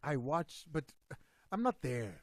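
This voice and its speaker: A man's voice: fairly high pitch, very animated, unhurried, dry recording. A man hosting a sports radio show and chatting with his guest in the studio. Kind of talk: casual radio interview.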